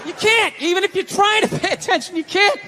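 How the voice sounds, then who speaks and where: Middle-aged male stand-up; punchy sardonic rants, high and bright. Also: brisk. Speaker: stand-up comedian. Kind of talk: stand-up comedy.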